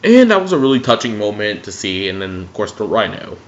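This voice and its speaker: A man casually reviewing superhero movies in an excitable way, swearing freely. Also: lowish voice, brisk. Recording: dull lo-fi recording.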